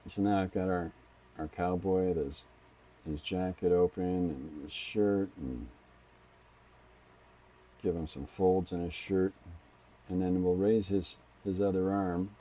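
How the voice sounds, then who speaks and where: Here a middle-aged man draws comics live, chatting and thinking aloud in a casual way that keeps circling back to restart. His low, warm voice moves slowly with long pauses and fairly even intonation.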